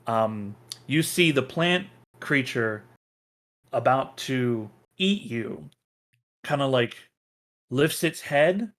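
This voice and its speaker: A man's voice: medium pitch, slow pace, a bit bright. A man narrating a tabletop game as game master, hesitant with many fillers.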